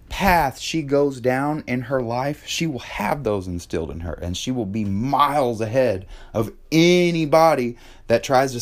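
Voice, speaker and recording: A man in his thirties talking in a casual monologue about parenting, passionate, cursing freely and filling with "man". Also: medium pitch. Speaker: podcast host.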